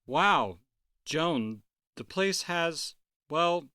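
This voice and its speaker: A woman voicing an older father who talks gently and hesitantly, worried for his daughter. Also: sits low, lively intonation, very slow, no room sound, clean studio sound, pitched below the performer's own voice, heavily acted. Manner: hesitant, soft, pleading.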